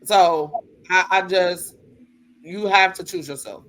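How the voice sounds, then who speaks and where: A woman talking on a casual talk show, retelling family stories with blunt, cussing candor. She slips into other people's voices as she tells it. Her tone is bright and forceful. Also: fairly low pitch, measured pace. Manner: blunt and profane, lively retelling with quoted voices. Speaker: co-host. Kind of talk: casual chat, personal storytelling.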